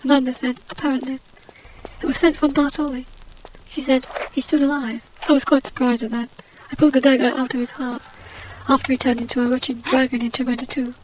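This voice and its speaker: A woman's voice: high voice, little pitch movement, fairly quick, slight background noise, close to an everyday voice, rough recording. A woman voicing a haughty, out-of-work adventurer heroine, rambling snobbish gossip over gameplay commentary. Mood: indignant.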